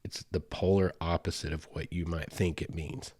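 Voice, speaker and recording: Southern guy in his 40s, deep voice, rambly podcast storytelling, dry close mic. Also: steady tone, normal speed, darkish tone, husky, no echo. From Southern United States. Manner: chatty and rambling, with asides and fillers. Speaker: podcast host. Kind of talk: casual storytelling.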